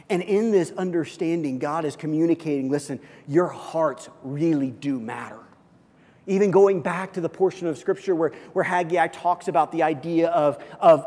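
A male pastor preaches in an earnest, emphatic way and hammers home key phrases by repeating them. His voice sits a bit high for a man. It rings out with the long reverb of a large church hall. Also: darkish tone. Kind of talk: sermon.

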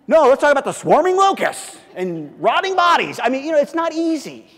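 A male pastor preaching a sermon, moving from loud, punchy emphasis to quiet, earnest intensity. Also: very high-pitched, huge pitch swings, fairly quick. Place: church sanctuary. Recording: long church reverb.

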